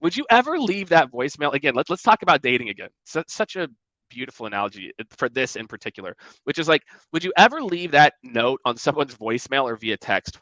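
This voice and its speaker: A man giving energetic sales coaching in a conversational way, often acting out emails and calls in mocking voices. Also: a little high, fast talker, no echo, muffled recording. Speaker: sales trainer.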